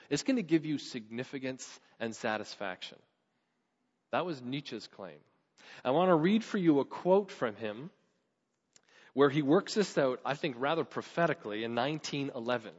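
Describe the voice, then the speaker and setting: A man preaching a sermon as pastor, earnest and building to emphatic questions. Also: medium pitch. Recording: dull sound with long hall reverb.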